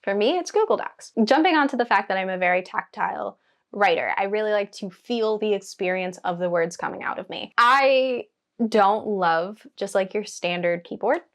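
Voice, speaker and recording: A woman's voice: medium pitch, normal speed. A woman vlogger talking casually and enthusiastically to camera, with frequent filler words. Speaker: writing vlogger.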